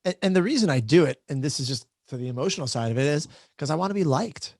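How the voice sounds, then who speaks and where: A man's voice: a little high, expressive, fast talker, a little mellow, dry recording, studio quality. A man moderating a casual online panel, telling a chatty, self-deprecating story over a video call.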